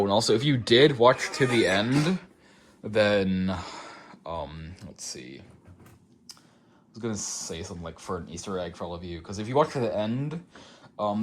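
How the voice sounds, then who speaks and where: A man's voice: fairly low pitch, animated, normal speed. A man from the United States with a nasal voice, chatting casually in a rambling vlog with many ums and likes. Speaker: collector vlogger. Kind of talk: casual show-and-tell vlog.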